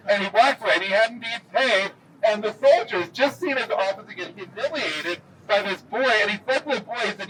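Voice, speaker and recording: A man giving a historical walking tour, telling the story with lively pacing and dry jokes. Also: very high-pitched, brisk, hardly any pauses. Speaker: tour guide. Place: outdoors in a city square. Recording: distant camera mic, faint street noise.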